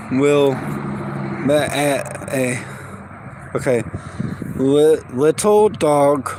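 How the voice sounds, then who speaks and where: Slow, rambling man outdoors. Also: a little high, a little mellow, a little hiss or hum. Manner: rambling, chatty, talks to his dogs. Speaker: vlogger. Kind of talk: casual walk-and-talk vlog. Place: outdoors in a yard. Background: dogs barking.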